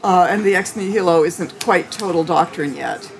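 A woman theologian, a guest in an interview, answers questions thoughtfully but haltingly, often restarting and laughing lightly. Her voice is on the low side.

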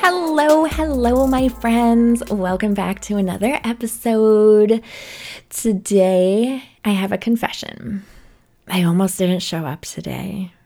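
Slow-talking, casual woman podcast host. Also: medium pitch, steady tone, dark tone, faint music behind. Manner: chatty, swears freely, playful and dramatic. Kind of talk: casual solo podcast chat. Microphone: podcast microphone.

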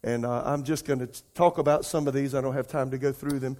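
A man preaching a sermon, telling a personal story and using lots of repeated words. He rises to pleading, near-tearful cries, then drops to soft, quiet asides. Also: medium pitch, fairly even intonation, fast. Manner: emotional storytelling, rising to near-crying pleas; conversational, repeats words, addresses congregation as y'all. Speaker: pastor.

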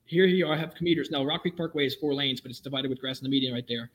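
A man's voice: medium pitch, rough recording. A middle-aged man, a former police officer, tells wry and vivid stories of the job in a conversation. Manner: brisk, vivid, wry storyteller. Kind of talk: anecdotal storytelling in a conversation.

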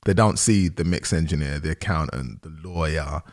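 A man hosting a podcast interview in a relaxed, conversational way, acting out the quotes he repeats. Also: moderate pace. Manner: animated, acts out quotes with big jumps in pitch. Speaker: podcast host.

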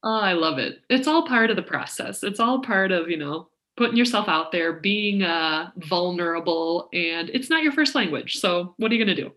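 A woman's voice: on the low side, expressive, normal speed, few pauses, fairly bright tone. A woman from Minnesota hosting a casual interview, asking curious, rambling questions.

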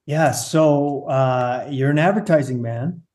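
A man hosting an interview podcast, talking in an upbeat way with fillers and quick restarts. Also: medium pitch, darkish tone. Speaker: podcast host. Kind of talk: casual interview chat.

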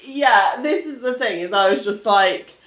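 A woman co-hosting a podcast, laughing along and adding slow, reflective comments. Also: medium pitch, lively intonation, fairly bright tone, echoey room. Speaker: podcast co-host. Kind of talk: casual chat.

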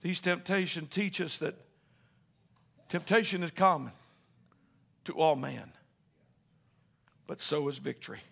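A man preaching a sermon, calling on the congregation to answer back and rising into shouted lines. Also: a little high, measured pace, gravelly, long pauses, husky. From Southern Indiana.

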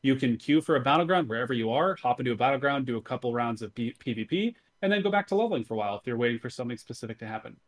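A man's voice: medium pitch, lively intonation, very fast, hardly any pauses. A man talks through games on a casual podcast with a mid-range voice. He explains at length, methodical and enthusiastic. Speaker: podcast co-host.

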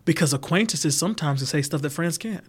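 A man's voice: a little high, expressive, fast talker, husky. A man co-hosting a podcast, telling earnest personal stories in casual chat. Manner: earnest storytelling, acting out quoted voices. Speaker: podcast co-host.

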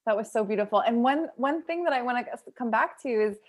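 A woman's voice: fairly high pitch, animated, fast talker. A woman hosting a podcast in casual conversation, speaking in an emotive, heartfelt way with frequent restarts. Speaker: podcast host.

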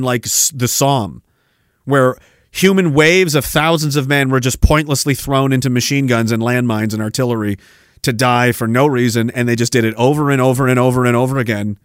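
A man's voice: medium pitch, moderate pace, dry recording, studio quality. A man hosting a podcast, delivering heated, sarcastic political commentary with plenty of swearing. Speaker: podcast host.

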